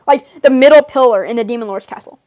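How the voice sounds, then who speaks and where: A woman's voice: fairly high pitch, fairly quick, a little mellow. A young woman rambling casually in character, giggling often and filling gaps with ums and you-knows. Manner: giggly, rambling, lots of fillers and laughs. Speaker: vlogger role-playing a game character.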